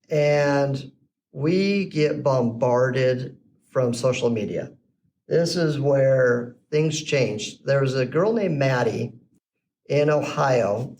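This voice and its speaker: A middle-aged man, a podcast guest, telling his business story in a casual way and acting out the voices of the people in it. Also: mid-range voice. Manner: animated storyteller who acts out quoted dialogue. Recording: slightly distant mic with faint background noise.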